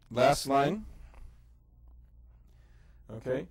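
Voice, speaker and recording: A man's voice: medium pitch, unhurried, a little mellow. Patient man sounding out Hebrew syllables. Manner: casual with fillers. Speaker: Hebrew teacher. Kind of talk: educational lesson.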